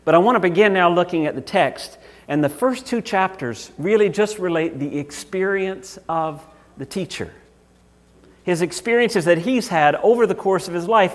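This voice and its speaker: A man with a Southern accent preaching a sermon as pastor, conversational and emphatic. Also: sits high. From Southern United States.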